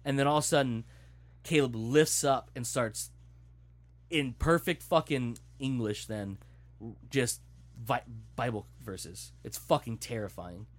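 A man's voice: medium pitch, a little slow. A young man tells a story in a loose, casual way, swearing freely. He mimics what the characters say as he retells the plot to his friends. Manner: animated, profane storytelling, acting out quotes.

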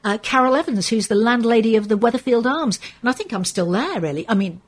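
A woman's voice: a little high, lively intonation, quick pace. An older woman from England chatting casually as an interview guest, telling anecdotes with lots of fillers and restarts. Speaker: soap actress guest.

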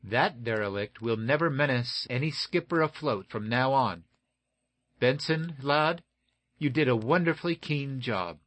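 A man's voice: mid-range voice, expressive, unhurried, a bit bright. A man voicing a confident, hearty male naval lieutenant with emphatic exclamations.

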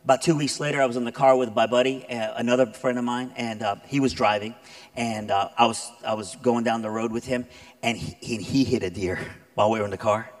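A man preaching to a congregation in a loose, chatty storytelling voice full of fillers. He swings from easy talk up to loud, emphatic high points. His voice sits in an ordinary middle range for a man. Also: fast talker. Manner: animated storyteller, builds to loud emphatic peaks; conversational, many fillers. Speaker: guest preacher. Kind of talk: sermon with storytelling.

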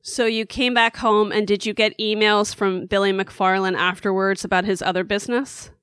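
A woman's voice: mid-range voice, flat delivery, normal speed, a bit bright, clear, resonant tone, no echo, studio quality. A woman interviewing a guest and asking playful questions.

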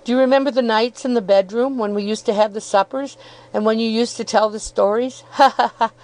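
A woman's voice: on the high side, steady tone, brisk, a little mellow, pitched above the performer's own voice, natural voice, low-quality recording. A woman voicing a good-humoured, cheerful young law student in an audiobook, chuckling and self-deprecating. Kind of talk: audiobook character reading.

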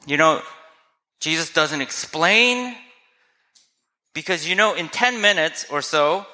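A man's voice: a little high, animated, takes it slowly, bright, forceful tone. A man preaching a sermon as a pastor, earnest and conversational, often asking his listeners rhetorical questions. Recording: long hall reverb.

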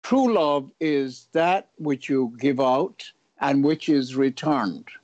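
A man being interviewed, halting and searching for words, with a wry humour. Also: medium pitch, animated, a little mellow, no room sound, highs cut off. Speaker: guest. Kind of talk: interview answers.

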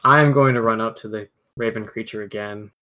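Brief: female player, extremely deep voice, casual and unsure. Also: fairly quick, sharp tone. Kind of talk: casual tabletop game play.

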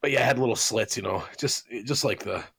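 Gravelly young guy, lowish voice, rambly crude stories, dry mic. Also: fairly quick, fairly bright tone, no room sound. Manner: rambling, crude, laughs mid-story. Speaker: podcast co-host. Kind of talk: profane casual storytelling.

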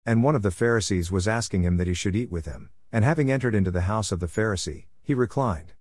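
A man with a low voice reads scripture in a steady, measured manner. The recording is dry and close, with no room sound around him. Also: dry recording. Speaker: scripture reader. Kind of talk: scripted Bible reading.

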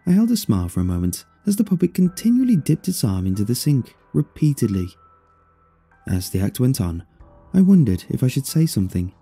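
Man, first-person story narration, dark husky voice, lively pitch, dryly amused, faint music behind. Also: brisk.

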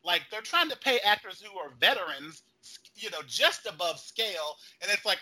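A man co-hosting a casual chat show, campy and animated, slipping into mimicry as he rants. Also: high voice, moderate pace, few pauses, low-quality recording. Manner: campy, animated, mimics people mid-rant. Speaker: podcast co-host.

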